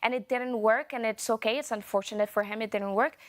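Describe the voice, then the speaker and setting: A woman speaking as a panelist on a live football show. She explains her view in an earnest, steady way. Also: fairly high pitch, fast talker. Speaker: pundit. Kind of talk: football discussion.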